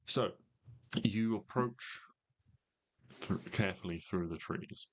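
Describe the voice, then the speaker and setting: Deep-voiced man narrating a game. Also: slight background noise. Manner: measured narration with frequent ums and pauses. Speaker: game master.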